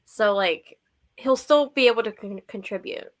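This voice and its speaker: A woman's voice: medium pitch, normal speed. A woman hosting a live book club stream, chatting casually with lots of laughs and fillers. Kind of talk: casual livestream chat.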